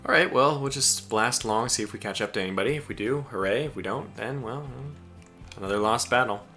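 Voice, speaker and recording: Bright-voiced American man streaming a game. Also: medium pitch, brisk, soft background music. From United States. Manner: chatty, chuckling, barking orders at the game. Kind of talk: live strategy game stream commentary.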